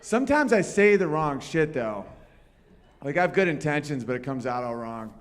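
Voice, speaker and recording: A man's voice: a little high, big pitch swings, moderate pace. A man doing a live stand-up set on a comedy club stage, telling profane, rambling stories and bantering with the crowd. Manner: crude, profane, rambling storytelling.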